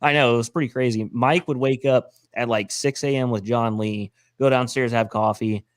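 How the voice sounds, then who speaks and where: A man's voice: medium pitch, steady tone, normal speed, smooth, dry recording, studio quality. A man co-hosting a casual podcast, rambling and laughing as he tells loose, slangy stories. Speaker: podcast co-host and roof cleaner.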